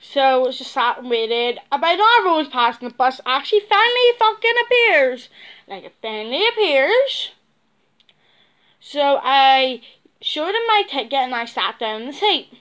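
Young woman, high pitch, casual vlog storytelling, sweary, mutters asides. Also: big pitch swings, normal speed, a bit bright. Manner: sweary and blunt, drops to low mutters. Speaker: vlogger.

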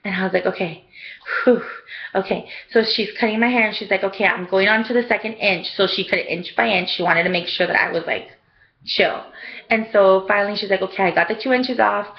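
A woman's voice: medium pitch, fast talker, gravelly, highs cut off. A young woman casually telling a rambling story for her vlog, full of "like" and "um". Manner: chatty, rambling, lots of "like" and "um". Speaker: vlogger.

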